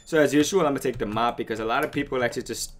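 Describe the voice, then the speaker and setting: A man giving frantic, excitable gaming commentary and chatting with his viewers as he plays. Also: mid-range voice, racing, slight background noise. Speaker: let's play gamer.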